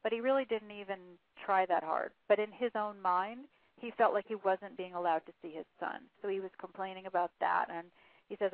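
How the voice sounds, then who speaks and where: In a phone interview, a female author relates a case in a long story, quoting passages aloud amid frequent fillers. She talks fairly quickly in a steady, mid-range voice, and the recording is dry.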